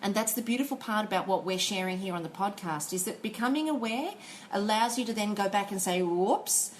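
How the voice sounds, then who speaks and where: Casting: reflective woman podcast host, earnest and steady, with a faint hiss in the background. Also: mid-range voice, fast talker, low-quality recording. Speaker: podcast host, life coach. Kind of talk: casual chat.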